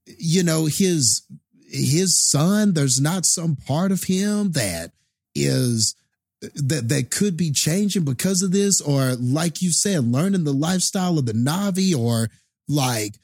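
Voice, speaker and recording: A man with a fairly high, husky voice rants slowly about a movie, drawing out his words and repeating points for emphasis. His pitch rises and falls widely with feeling. The recording is dry and close. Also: animated, darkish tone, no echo. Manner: passionate, ranting about wasted potential. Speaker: movie discussion co-host. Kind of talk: casual chat.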